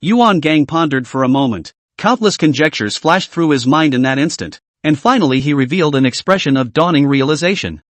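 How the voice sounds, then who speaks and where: Casting: male recap narrator, slightly higher voice, steady scripted reading, dry booth sound. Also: a little fast, hardly any pauses, no echo. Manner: reads every part in one even narrating voice.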